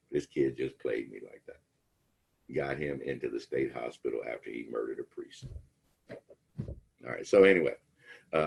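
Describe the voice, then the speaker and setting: A man's voice: rumbling low, gravelly, a little mellow, slightly rough. A man teaching a class in a loose, rambling way, telling a story and acting out the quoted lines. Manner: rambling storyteller, acts out quotes, many fillers. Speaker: instructor. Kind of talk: casual lecture retelling a film plot.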